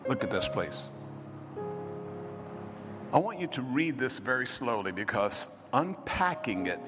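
A man preaching a sermon, leading call-and-response with the congregation and rising to shouts. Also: fairly low pitch. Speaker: pastor. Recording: reverberant hall with music behind.

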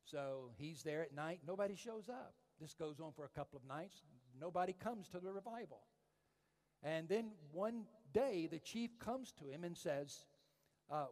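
A man preaching a sermon and telling stories, swinging from hushed tones to loud, emphatic calls. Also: a little high, expressive, moderate pace. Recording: echoey hall reverb.

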